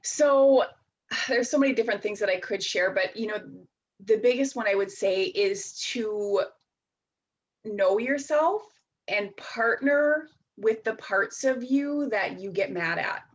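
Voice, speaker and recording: A woman in her thirties speaking as a life-coach guest in an interview. She talks reflectively and chattily, with fillers and quick asides. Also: mid-range voice, muffled recording. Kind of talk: casual interview chat.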